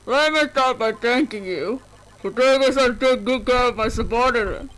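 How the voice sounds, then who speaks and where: A man voicing a sinister male villain who hides behind a disguised voice, read slowly, low and menacing, as a game scene is read aloud. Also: a bit bright, poor audio.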